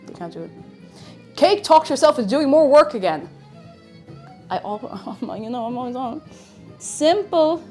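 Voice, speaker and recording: A woman's voice: high-pitched, very animated, a little slow, pauses often, darkish tone, faint music behind. A woman streaming herself cooking in a home kitchen, chatting casually and mocking herself as she rambles. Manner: rambling, self-mocking, talks to herself and chat. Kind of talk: casual live-stream chat while cooking.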